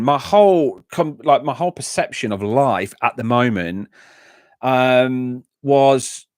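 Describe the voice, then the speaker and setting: On a dry, studio-quality recording, a medium-pitched male voice from England rambles through a music reaction livestream. He reads and answers viewers' comments casually, stumbling into plenty of fillers and restarts.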